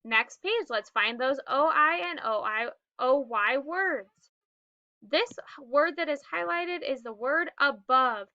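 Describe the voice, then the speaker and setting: A woman teaching phonics, speaking very slowly and sounding out each word so young children can follow. Her voice sits high and bright. The recording is dry and a little dull. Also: expressive, no room sound. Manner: slow, clearly sounded-out words with prompting cues.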